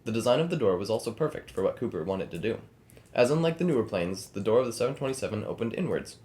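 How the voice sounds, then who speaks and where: Podcast co-host, male, brisk script reading, storyteller cadence. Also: fairly low pitch, slight background noise. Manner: quick, reads script in steady storytelling cadence. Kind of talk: casual podcast chat and read narration.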